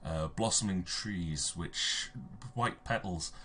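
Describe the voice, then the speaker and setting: A man narrating as game master of a tabletop game, halting with fillers and restarts as he describes the scene. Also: low-pitched, sharp tone, slight background noise. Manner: hesitant, many fillers and restarts. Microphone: home microphone on a stream.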